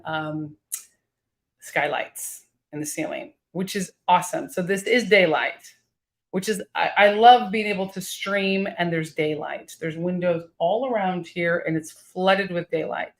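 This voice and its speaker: A woman's voice: mid-range voice, a bit bright. Chatty woman streaming live. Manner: chatty, reads out viewer comments. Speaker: livestream host. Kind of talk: casual live-stream chat with viewers. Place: home office with high ceilings and skylights.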